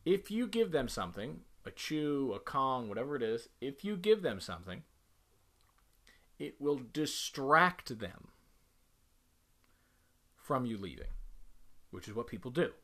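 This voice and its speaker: Man in his working years, dog trainer explaining to camera, firm and repetitive, mid-pitched. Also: sing-song, a little slow, pauses often, sharp tone. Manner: direct, emphatic, repeats key instructions. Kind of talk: instructional talk to camera.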